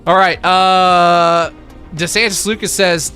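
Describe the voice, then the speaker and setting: A man hosting a casual livestream, reading chat and reacting in an animated, hype-driven way with lots of filler words. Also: fairly high pitch, moderate pace, soft background music. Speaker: livestream host.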